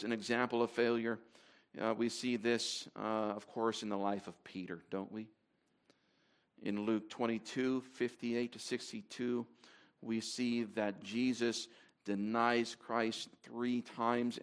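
A man's voice: medium pitch, level tone, unhurried, smooth. A man preaching to a congregation in a conversational way, with fillers and restarts as he reads scripture aloud. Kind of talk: sermon.

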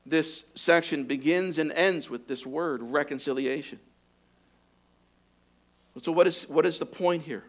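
A male pastor delivering a sermon in a slow, deliberate cadence. His voice sits a little high for a man. He swells into loud, fervent exhortation and sinks to a hushed tone when he prays. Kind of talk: sermon with closing prayer.

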